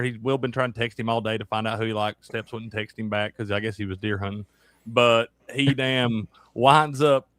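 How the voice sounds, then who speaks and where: A man's voice: medium pitch, a bit bright, dry recording, studio quality. A man hosting a casual sports betting chat, rowdy and profane, teasing his co-hosts. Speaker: sports show host.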